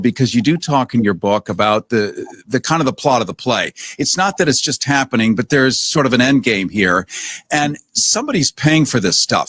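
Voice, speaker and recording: A man's voice: mid-range voice, fairly bright tone, dry recording. A male radio host leads a live interview with a wry, joking edge. He speaks from a studio where the sound is dry and close. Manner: wry, jokey.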